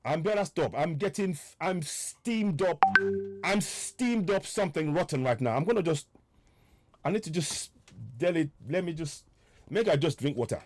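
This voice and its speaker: A man hosting a political podcast, talking with fiery passion that he then tries to calm down. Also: fairly high pitch, moderate pace, very noisy. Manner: fiery and worked up, then winding down softly. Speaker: activist podcast host. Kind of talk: impassioned political livestream talk.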